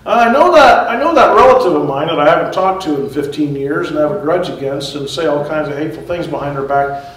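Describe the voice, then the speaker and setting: A man's voice: fairly high pitch, fast, fairly bright tone. A man giving a conversational sermon as pastor, chuckling at his own asides. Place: church sanctuary. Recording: echoey church hall, mic far off.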